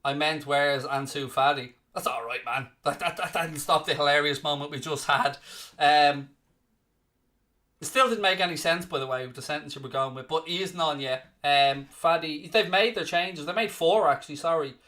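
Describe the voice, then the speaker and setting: An Irish man with a Dublin-area accent hosts a live football watchalong in a bright, forceful voice pitched slightly higher than most men's. He teases and mock-scolds viewers over their comments, and reads the latest scores like a presenter. His pace is moderate.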